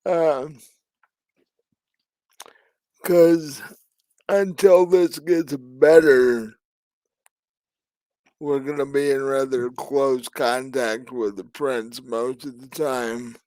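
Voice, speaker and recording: A man's voice: mid-range voice, fairly even intonation, extremely slow, pauses often, dark tone, no room sound. A man narrating as game master of a tabletop game, hesitant with many fillers and restarts.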